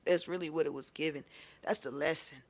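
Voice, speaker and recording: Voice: medium pitch, steady tone, brisk. A tarot reader telling a personal story in a casual, chatty way, swearing freely, laughing often and leaning on fillers. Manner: chatty, profane, filler-heavy.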